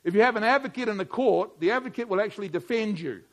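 A middle-aged man preaching a sermon, moving from quiet musing to loud, emphatic preaching. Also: sits high, expressive, fast talker.

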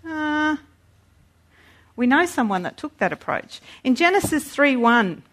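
A woman preaching a sermon in an animated way, acting out voices when she quotes. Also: on the high side, moderate pace.

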